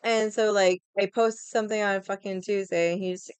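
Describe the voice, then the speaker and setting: In a clear, resonant mid-range voice with a level tone, a young adult woman delivers a casual venting rant to her stream at normal speed. She's profane and exasperated, mocking others by imitating how they talk. The recording has no echo.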